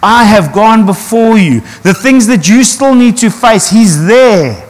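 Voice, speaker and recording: A man's voice: high-pitched, sing-song, unhurried, hardly any pauses, long reverb tail. A man, preaching earnestly to his congregation and asking rhetorical questions. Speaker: pastor. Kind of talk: sermon.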